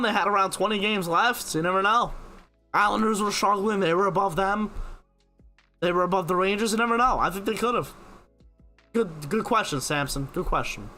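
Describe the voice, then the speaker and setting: A man's voice: fairly high pitch, sharp tone. A young man, hosting a live stream and casually answering viewers' sports questions by name. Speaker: live stream host reading chat questions.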